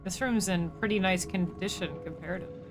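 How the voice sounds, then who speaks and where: A woman's voice: on the low side, fast, music in the background. A woman streamer giving casual live commentary as she plays a game, chatty and joking as she thinks aloud.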